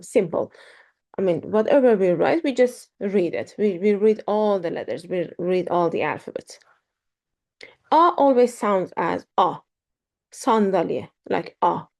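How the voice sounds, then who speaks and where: A woman teaching a beginner pronunciation lesson, speaking slowly and carefully, repeating words with frequent ums. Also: medium pitch, gravelly, a little mellow. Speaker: language teacher.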